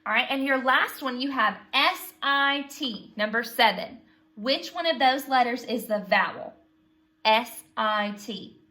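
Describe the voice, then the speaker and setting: A woman teaching a phonics lesson to young children, patient and slow, prompting them to repeat sounds after her. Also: high-pitched, gravelly, sharp tone.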